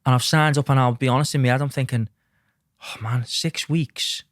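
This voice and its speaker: A middle-aged man, a podcast guest telling lively stories and acting out what others said. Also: mid-range voice, a little fast, no room sound, clean studio sound. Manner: lively anecdotes, acts out quotes, says mate a lot. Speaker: podcast guest, mindset coach. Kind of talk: casual storytelling chat.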